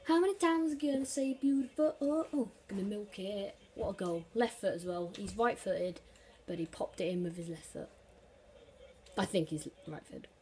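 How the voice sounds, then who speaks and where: A woman casually commentating her own football video game. She swears freely, mutters under her breath, and erupts into shouts at big plays. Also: lowish voice, normal speed. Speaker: gaming commentator.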